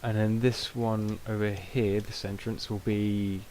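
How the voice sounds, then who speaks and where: A man's voice: lowish voice, flat delivery, unhurried, warm tone. A young British man giving rambling, self-mocking casual gameplay commentary, with many ums. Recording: noisy home recording.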